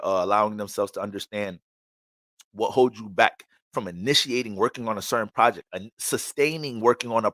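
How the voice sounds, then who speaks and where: A man's voice: medium pitch, a bit bright, no room sound. A man giving an astrology reading in a casual, blunt way, full of profanity and street slang.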